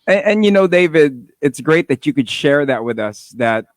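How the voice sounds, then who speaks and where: A man's voice: a little high, lively intonation, moderate pace, no echo, studio quality. A man hosting a radio show, asking questions in an encouraging way as the interviewer. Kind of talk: casual interview.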